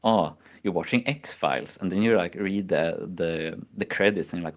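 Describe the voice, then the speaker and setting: This Swedish man hosts a casual chat stream, rambling through stories and acting out his own reactions. His voice sits low, and he talks at a normal speed with few pauses.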